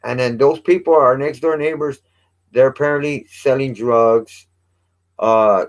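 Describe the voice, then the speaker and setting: A man's voice: medium pitch, a little slow. A man hosting a casual vlog, rambling and restarting his sentences and swearing casually as he talks. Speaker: vlog host.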